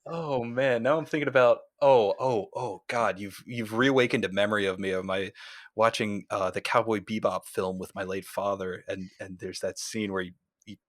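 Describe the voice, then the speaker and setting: Low-voiced guy hosting a podcast, animated and laughy, dry close mic. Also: normal speed, no echo. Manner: animated, laughs often, swears casually. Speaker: podcast host. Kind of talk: casual chat.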